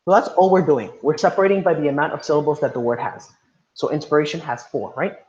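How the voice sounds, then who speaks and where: A man's voice: on the high side, lively intonation, fast talker, darkish tone. A man teaching an online class, repeating instructions and calling on students by name over a video call. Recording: roomy, dull lo-fi sound.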